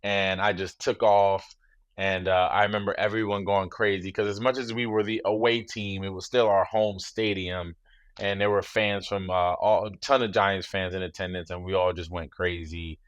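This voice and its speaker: A man in his thirties, a former football player, talking as a guest in a relaxed interview, measured and reflective, often saying "you know.". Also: low-pitched, clear, resonant tone, no room sound, highs cut off.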